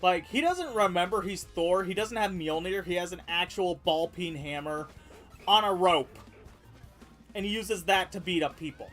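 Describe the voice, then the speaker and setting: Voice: medium pitch, moderate pace, a bit bright, soft background music. A game streamer chatting casually while playing, rambling and laughing, often cutting off mid-word. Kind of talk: casual gameplay chat.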